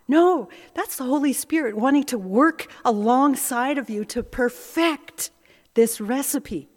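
Woman preacher, higher voice, unhurried, conversational sermon in a reverberant church hall. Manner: reflective, self-searching, conversational.

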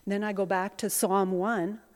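A woman's voice: medium pitch, flat delivery, a little slow. A woman preaching a sermon in a reflective, self-searching, conversational way. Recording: long hall reverb.

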